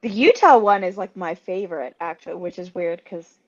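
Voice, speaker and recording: A woman's voice: on the low side, animated, a little fast, dull audio. A woman chatting animatedly in a casual group conversation.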